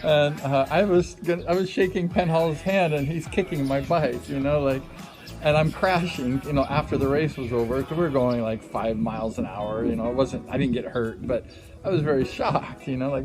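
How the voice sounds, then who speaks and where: A middle-aged man casually telling a story, rambling with many fillers and acting out quotes with sudden high exclamations. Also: normal speed, music in the background. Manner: rambling, frequent "you know, like" fillers. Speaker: livestream host telling a racing story.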